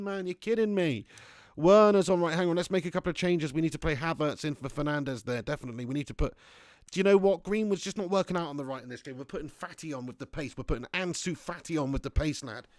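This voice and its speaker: A man streaming a football game live, commentating excitably and chatting with viewers. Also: fairly high pitch, quick pace, no echo. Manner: excitable, swearing, chatty banter. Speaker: gaming livestreamer.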